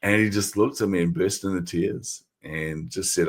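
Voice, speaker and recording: A middle-aged man telling stories as a podcast guest, animated and self-deprecating, laughing often. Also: low-pitched, normal speed, few pauses. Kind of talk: storytelling in an interview.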